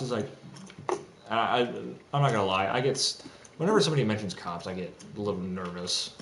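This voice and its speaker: Speaking fast in a lowish, expressive voice, a young man streams an agitated, swear-filled rant that wanders and often starts over. He's in an echoey room at home, with faint typing and slight noise behind him.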